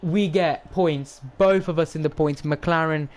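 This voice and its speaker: A young man, commentating his racing game on a live stream, excitable and rambling as he talks to chat. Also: on the high side, a little slow.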